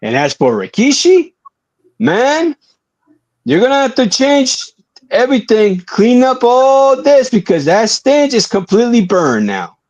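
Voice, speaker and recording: A man with a high, lively voice gives earnest commentary on a wrestling podcast. He stretches out words for emphasis and swings his pitch up and down as he makes his case. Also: lo-fi sound. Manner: earnest, drawn-out emphatic delivery. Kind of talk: casual opinion commentary.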